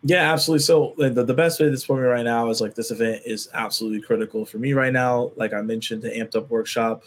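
A man being interviewed as a guest, speaking in a relaxed, casual way with frequent "like" fillers. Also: medium pitch, fast. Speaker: guest, sales content creator.

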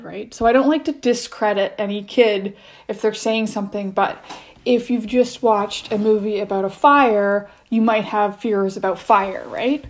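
Rambling mom in her thirties, casual storytelling, average pitch, restarts a lot. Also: a little mellow. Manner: rambling, with many restarts and frequent "like". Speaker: mother sharing experiences as podcast guest.

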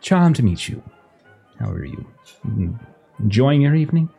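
A man voicing a gushing high-society woman who dotes on a mobster, sweet and fussing. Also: very animated, normal speed, creaky, warm tone, slightly rough, soft background music, exaggerated voice. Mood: doting.

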